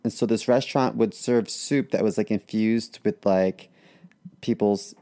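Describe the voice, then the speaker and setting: A woman's voice: extremely low pitch, unhurried, dark tone. A woman co-hosting a podcast, chatting in a wry, teasing way. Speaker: podcast co-host. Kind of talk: casual chat.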